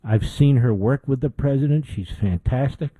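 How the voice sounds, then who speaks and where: A man's voice: mid-range voice, moderate pace, mellow, husky, no echo, low-quality recording. A middle-aged man hosting a political talk show, delivering an indignant opinion monologue with emphatic repetition.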